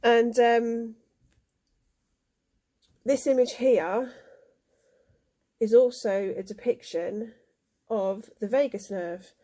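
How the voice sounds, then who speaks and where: A woman giving a spiritual card reading, emotional and halting, with many fillers. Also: on the high side, steady tone, warm tone. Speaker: tarot card reader.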